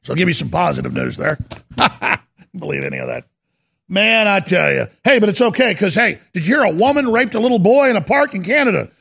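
A man's voice: sits high, expressive, fairly quick, creaky, fairly bright tone, breathy edge. A man hosting a call-in radio show, reading headlines aloud in a sarcastic, mocking tone. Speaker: radio talk show host. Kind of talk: heated call-in radio monologue.

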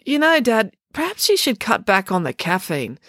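A woman's voice: on the high side, sing-song, moderate pace, fairly bright tone, no echo, studio quality, pitched above the performer's own voice. A woman voicing a large, easygoing teenage boy who talks matter-of-factly.

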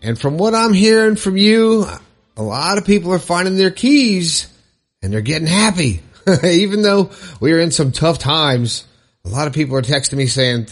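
A man's voice: fairly high pitch, lively intonation, moderate pace, soft background music. A man hosting his own positivity podcast, chatting cheerfully and laughing at his own jokes. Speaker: podcast host. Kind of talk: upbeat solo podcast talk.

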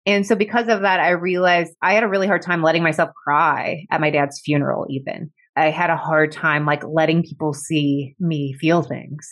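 A woman's voice: sits low, steady tone, moderate pace, hardly any pauses, a bit bright. A woman telling a personal story as an interview guest, candid and reflective, with many "like" fillers and an emotional edge. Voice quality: emotional, close to tears at times. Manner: candid and reflective, heavy use of "like". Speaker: podcast guest.

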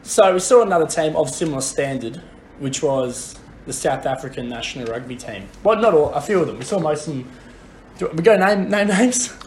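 A young man co-hosting a podcast, telling a pub story in blunt, profane, deadpan chat. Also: a little high, brisk. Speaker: podcast co-host. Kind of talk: casual storytelling.

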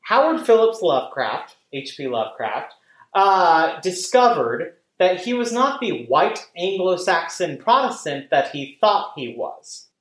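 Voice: medium pitch, unhurried. Rambling, swearing podcast talker in an echoey room. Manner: rambling, animated, profane, many fillers. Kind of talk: casual chat.

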